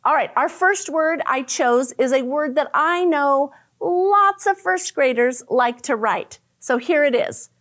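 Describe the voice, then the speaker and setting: A woman teaching a phonics lesson to young children, sounding out letter patterns slowly and praising often. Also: high-pitched, expressive, a bit bright. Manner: slow, exaggerated sounding out of letters; cheerful praise and questions to the listener. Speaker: first grade teacher.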